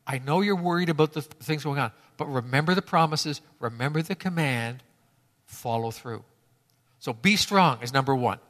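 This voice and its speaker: A man's voice: on the high side, fairly bright tone, long reverb tail. A man preaching a sermon to his congregation, emphatic and fond of repeating key phrases for effect. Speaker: pastor.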